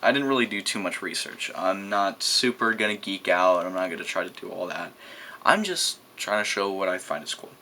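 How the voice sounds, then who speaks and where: A man's voice: low-pitched, animated, fairly quick, sharp tone. A teenage boy from New Mexico, rambling and hesitant in a casual show-and-tell vlog, swearing freely and using loose slang. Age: teens. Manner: rambling, crude, hesitant with many fillers. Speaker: vlogger showing a gadget.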